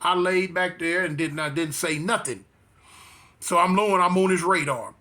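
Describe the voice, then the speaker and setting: Bright high-voiced man telling a story. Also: moderate pace. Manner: streetwise slang, repetitive restarts, emphatic. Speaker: interview guest. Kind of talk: casual storytelling.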